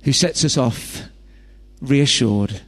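A man's voice: medium pitch, takes it slowly. A man preaching a sermon, chatty and full of rhetorical questions and joking asides. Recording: long hall reverb.

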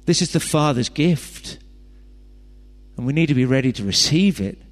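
A man's voice: medium pitch, expressive, normal speed. A man preaching a sermon, chatty and full of rhetorical questions and joking asides. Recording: long hall reverb.

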